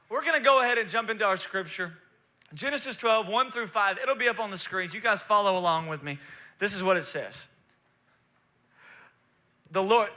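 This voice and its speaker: A fervent pastor with a high, ringing voice that cuts through the church sanctuary. He preaches emotionally, dropping to soft, confiding asides and then building to shouted, rousing declarations. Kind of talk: sermon.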